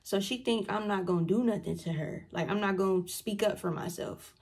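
Animated young woman telling a storytime. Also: mid-range voice, a little fast, creaky, husky. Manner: animated, slangy storytelling that acts out what others said. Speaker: vlogger. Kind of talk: storytime vlog.

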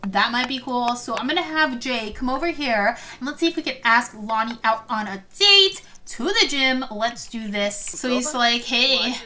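A woman's voice: fairly high pitch, lively intonation, normal speed, few pauses, sharp tone. A young woman commentating her life simulation game play, gasping and gushing over the characters. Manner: gushing, gasps often, repeats "oh my gosh". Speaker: gaming video host. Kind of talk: Sims let's play commentary.

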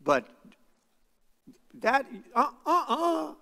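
A middle-aged male pastor preaching a sermon, moving from quiet asides to loud outbursts. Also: very high-pitched, big pitch swings, extremely slow, vocal fry, long reverb tail. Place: church sanctuary.

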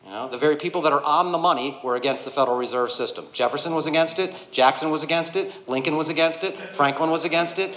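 A man doing a stand-up comedy set, ranting and swearing and building to angry shouts. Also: a little high, fast, hardly any pauses. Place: comedy club stage before a laughing audience. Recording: roomy live venue sound.

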